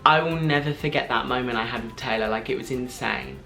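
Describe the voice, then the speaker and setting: A young man tells a story straight to camera, his words tumbling out in gushing, breathless runs. He leans on "like" and restarts constantly, at a mid pitch. Faint music plays under him. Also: gravelly, pushed and bright. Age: 20s. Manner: gushing, fast, filler-heavy with frequent "like". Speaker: vlogger.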